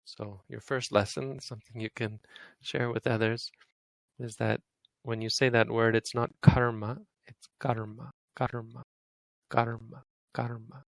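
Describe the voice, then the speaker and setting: A man's voice: mid-range voice, level tone, moderate pace, vocal fry, fairly bright tone, dry recording. A man teaching a language lesson, patiently explaining and demonstrating sounds over and over.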